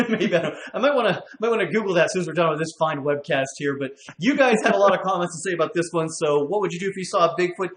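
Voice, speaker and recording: A man's voice: high-pitched, lively intonation, very fast, hardly any pauses, fairly bright tone, reverberant. A man from Western Pennsylvania hosting a casual bar-talk webcast, upbeat and chatty, laughing often. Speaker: podcast host.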